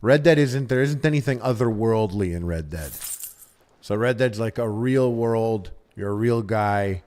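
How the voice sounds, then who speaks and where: A man's voice: on the low side, measured pace, a little mellow. A man livestreaming a game with casual, profane, joking commentary, often mimicking the characters.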